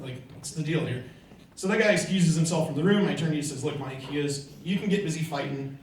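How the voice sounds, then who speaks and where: A man's voice: fairly high pitch, slight background noise. A middle-aged man giving a motivational speech, telling stories and acting out the conversations in them. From California. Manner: storytelling, acting out quoted conversations. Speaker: motivational speaker. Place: large hall before an audience. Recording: echoey hall, mic from far off.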